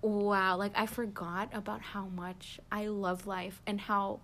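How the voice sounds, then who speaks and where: A woman's voice: mid-range voice, flat delivery, slow pace, a bit bright, slight background noise. A tipsy young woman co-hosting a podcast, rambling in casual, heartfelt chat and swearing freely. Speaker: podcast co-host.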